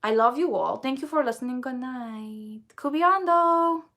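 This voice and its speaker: A woman's voice: high-pitched, animated, measured pace, fairly bright tone, voice pushed up, heavily acted. A woman putting on a playful thick Eastern European accent. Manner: drops articles and small words. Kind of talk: livestream sign-off.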